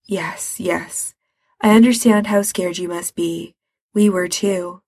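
A woman's voice: on the low side, fairly even intonation, takes it slowly, a little mellow, slightly rough, heavily acted. A woman doing a weary, grieving older man. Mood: heavy, weary.

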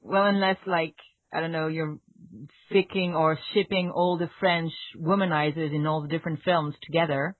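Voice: mid-range voice, fairly even intonation, normal speed, dry recording. A non-native English speaker in a casual podcast chat, talking hesitantly with lots of fillers and restarts. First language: not English. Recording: dry tinny phone-like audio.

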